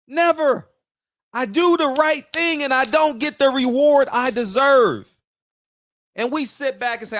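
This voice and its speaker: High-voiced man ranting, dry close sound. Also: normal speed, dry recording. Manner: animated, preachy, talks straight to the viewers. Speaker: boxing commentator. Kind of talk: casual opinion rant.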